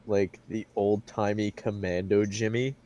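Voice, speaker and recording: A man's voice: on the low side, little pitch movement, measured pace, warm tone, highs cut off. A man playing a tabletop game, talking in a laid-back, easygoing way. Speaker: player. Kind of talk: casual tabletop game play.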